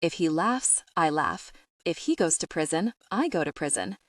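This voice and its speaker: A woman reading the lines of a huge, blunt male bodyguard, keeping the words short, grunted and flat. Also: lowish voice, moderate pace, no echo, clean studio sound, natural voice. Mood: terse. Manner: grunting, terse.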